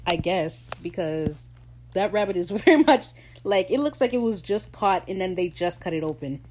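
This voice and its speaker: Female podcast host, lowish voice, casual recap, animated and slangy, swears and laughs a lot. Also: moderate pace, a little hiss or hum, poor audio. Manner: laughs while talking.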